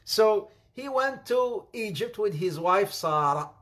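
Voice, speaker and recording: A man's voice: high voice, expressive, takes it slowly, fairly bright tone. A middle-aged man with an Arabic accent, whose first language is Arabic, preaching a sermon and telling stories with jokes, addressing the audience as brothers and sisters.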